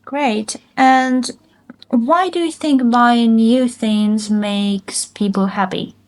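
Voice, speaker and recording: A woman's voice: a little high, dry recording. Encouraging woman giving speaking-test feedback. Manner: encouraging, frequent laughs, quick bursts. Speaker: IELTS speaking examiner. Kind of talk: mock exam feedback.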